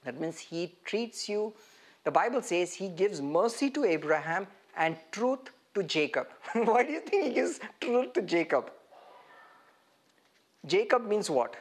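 A man preaching an interactive sermon, animated and putting questions straight to his listeners. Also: high-pitched, a little slow.

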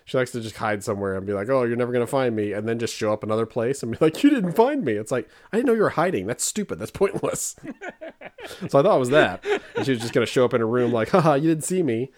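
A man's voice: mid-range voice, fast. A man in his thirties co-hosting a podcast, telling funny stories in casual chat and acting out quotes. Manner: animated storytelling with put-on quotes. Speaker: podcast co-host.

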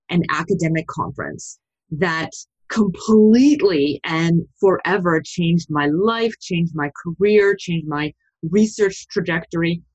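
A middle-aged woman, a sociology professor, telling a story in a podcast interview, with big jumps in pitch when she quotes herself. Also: breathy edge. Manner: animated storytelling, pitch leaps when quoting.

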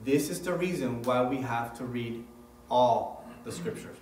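A man's voice: mid-range voice, unhurried, a little mellow, reverberant, distant mic, a little hiss or hum, low-quality recording. A man preaching as a pastor, reading scripture aloud and then explaining it with rising emphasis. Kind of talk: sermon.

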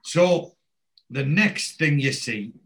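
This male podcaster's voice sits on the high side, slow and creaky. He recaps a TV episode in a casual way, acting out each quoted line like an animated storyteller.

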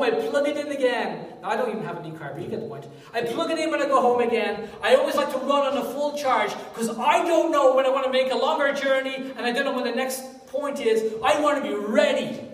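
A man preaching a sermon in a jokey, animated way, swelling loud at times. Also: extremely high pitch. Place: church hall. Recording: echoey hall from far off.

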